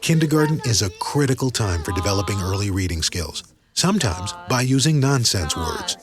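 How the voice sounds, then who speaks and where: A man narrating a documentary segment in a clear, explanatory scripted delivery. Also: fairly low pitch, sing-song, fairly quick. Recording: loud background music.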